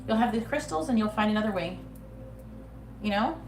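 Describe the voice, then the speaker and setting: Animated and fairly quick, a medium-pitched psychic does a live tarot reading where she curses freely, speaks bluntly, and mimics nagging voices. Slight background noise accompanies the faint ambience of an echoey room.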